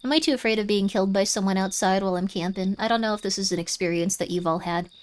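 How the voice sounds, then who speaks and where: A woman's voice: mid-range voice, fast. A woman streaming a game live, chatting playfully and reading the on-screen text aloud. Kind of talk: live-streamed gameplay commentary.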